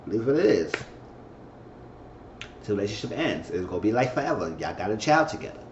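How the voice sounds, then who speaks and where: A man's voice: very animated, brisk, a little mellow. Chatty man recapping a show in a roomy room. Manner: chatty, repeats himself, acts out characters' lines in a high falsetto. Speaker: TV episode reviewer. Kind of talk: casual episode recap. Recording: muffled, roomy recording with faint hiss.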